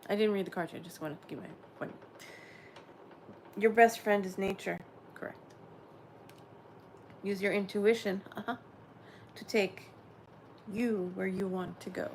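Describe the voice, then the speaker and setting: A woman reads oracle cards in a soft, dreamy way, often dropping into a whisper. Her voice sits in a middle pitch. A faint hum runs under the recording. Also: a little slow, vocal fry, pauses often. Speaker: oracle card reader. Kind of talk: spiritual card reading.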